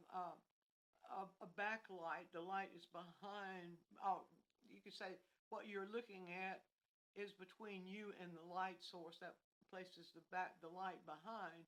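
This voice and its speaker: A woman teaching a painting class on a livestream. She explains in a wandering, unhurried way, stopping to restart her sentences as she works out each point. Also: mid-range voice, fairly bright tone, rough recording. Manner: meandering, thinking aloud with many restarts. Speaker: art instructor.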